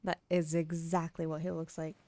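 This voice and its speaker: A woman's voice: deep voice, flat delivery, moderate pace, darkish tone, dry recording. A young woman streamer chatting casually and giggling as she tells stories while gaming.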